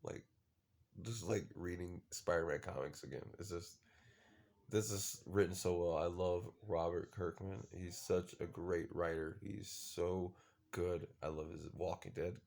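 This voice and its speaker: A man's voice: deep voice, steady tone, unhurried, vocal fry, darkish tone. A man casually recapping a show episode, rambling with lots of fillers and the odd swear word. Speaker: show reviewer.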